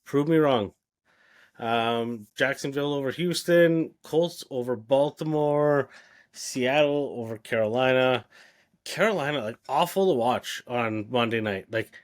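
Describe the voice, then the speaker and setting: A man's voice: medium pitch, a little slow. A man co-hosting a casual sports podcast, running through his game picks with wry asides. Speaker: podcast co-host. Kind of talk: casual chat, listing picks.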